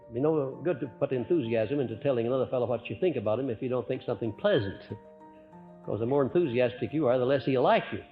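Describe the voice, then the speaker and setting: This medium-pitched man lectures a live crowd in an earnest, homespun way, purposely raising and dropping his volume. He frequently hesitates with "uh," and the archival audio is muffled with faint music underneath.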